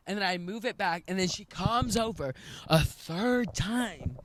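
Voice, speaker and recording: A woman's voice: on the low side, lively intonation, moderate pace, hardly any pauses. A young woman co-hosting a casual podcast, telling a school story with lots of quoted dialogue and laughter. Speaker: podcast co-host. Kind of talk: casual chat.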